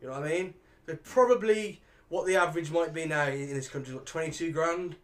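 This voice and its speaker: A man's voice: on the high side, fast talker. A man co-hosting a podcast, opinionated and eager to explain things. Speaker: podcast co-host. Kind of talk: casual chat.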